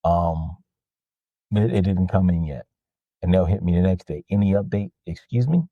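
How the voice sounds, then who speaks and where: A man telling rowdy stories about his customers in a casual, profane, animated rant, sometimes imitating them in a higher voice. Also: moderate pace, dry recording, narrow, tinny audio. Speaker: podcast host and jersey seller.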